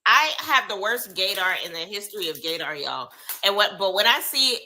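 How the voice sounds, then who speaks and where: A woman's voice: medium pitch, big pitch swings, moderate pace, sharp tone, slight background noise, low-quality recording. A young woman giving live reaction commentary on reality TV, exclaiming and talking to her viewers in casual slang.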